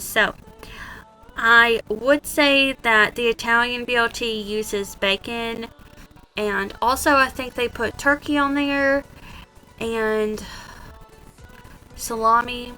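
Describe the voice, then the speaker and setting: A woman's voice: fairly high pitch, bright, forceful tone. A woman, a vlogger chatting casually and giggling as she narrates. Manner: chatty, giggly, self-mocking. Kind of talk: casual voice-over chat.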